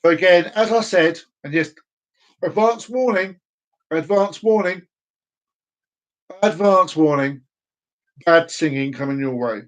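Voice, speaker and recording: A man's voice: a little high, measured pace, pauses often, rough recording. A man talking in a rambling, teasing monologue for his video channel, with frequent restarts. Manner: teasing, chatty, many restarts. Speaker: vlogger.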